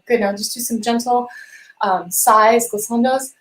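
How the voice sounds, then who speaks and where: A woman vocal coach leading a live-streamed warm-up lesson, encouraging and gently guiding listeners through sung exercises. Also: fairly high pitch, steady tone, normal speed, rough recording. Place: home room with a piano.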